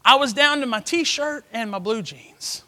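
A middle-aged man, preaching a sermon through a personal story, swinging from hushed to loud. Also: very high voice, unhurried, long reverb tail.

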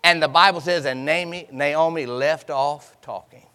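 A man's voice: on the high side, steady tone, measured pace, bright, forceful tone, long reverb tail. A man preaching a sermon in a church, retelling scripture stories dramatically and acting out the voices of the people in them. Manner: dramatic storytelling, acting out voices, call and response.

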